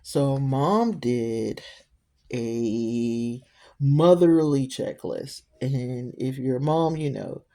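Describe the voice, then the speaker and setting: Mellow-voiced middle-aged woman storyteller. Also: rumbling low, extremely slow. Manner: rambling, conversational asides to the listener. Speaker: storyteller vlogger. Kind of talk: personal storytelling.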